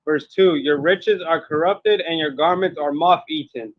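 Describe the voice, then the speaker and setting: A man reading scripture aloud, slow, loud and declamatory. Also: a little high, muffled recording. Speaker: scripture reader.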